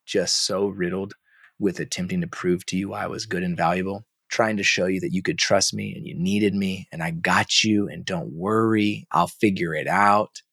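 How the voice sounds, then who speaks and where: Man, podcast guest, low voice, dry close sound, animated casual storyteller. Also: normal speed, vocal fry, husky, no echo. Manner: animated, acts out quoted dialogue, casual slang. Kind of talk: candid personal storytelling.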